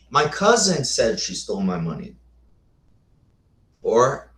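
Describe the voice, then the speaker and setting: A man's voice: mid-range voice, very animated, slow, long pauses, a bit bright. A man hosting a casual lecture with slides, thinking aloud with rhetorical questions and answering viewers' comments. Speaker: host. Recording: echoey room.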